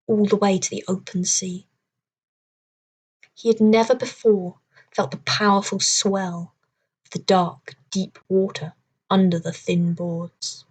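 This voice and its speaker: An audiobook reader, a woman, narrates a children's adventure novel in a steady, measured storybook style. Her pitch is ordinary and mid-range, and her pace stays even.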